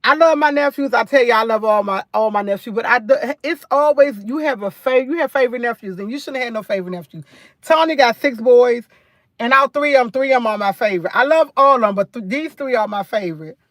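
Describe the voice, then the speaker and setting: A woman's voice: fairly high pitch, expressive, fast talker, no room sound, clean studio sound. Chatty New woman livestreaming. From New York. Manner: chatty, repeats phrases, rambling storytelling. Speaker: livestream host. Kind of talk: casual live chat.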